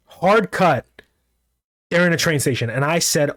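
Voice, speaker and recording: Excitable man rambling through a manga recap. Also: fairly high pitch, moderate pace, no room sound, studio quality. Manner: rambling, excitable, reads out dialogue in his own voice. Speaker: manga commentator.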